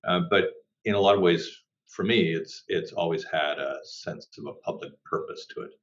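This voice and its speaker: A middle-aged man from Canada, a journalist being interviewed, answering in a measured, thoughtful way with frequent "uh" pauses. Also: low voice. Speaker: journalist and publisher, guest. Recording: dull lo-fi audio.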